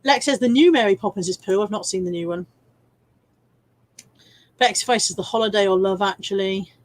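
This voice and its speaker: A woman's voice: medium pitch, moderate pace. A middle-aged woman, hosting a casual live stream, reading viewer comments in a chatty, cheeky way with frequent laughs and the odd swear word. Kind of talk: casual chat.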